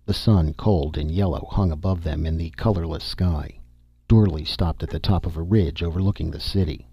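A man narrating a science fiction audiobook in a steady storytelling manner. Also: sits low, normal speed, slightly rough, no room sound. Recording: dull dry recording.

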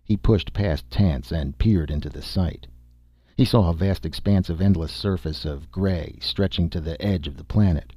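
A man narrating a science fiction story in a steady, measured reading voice, with a husky tone. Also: deep voice, no echo. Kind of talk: audiobook narration.

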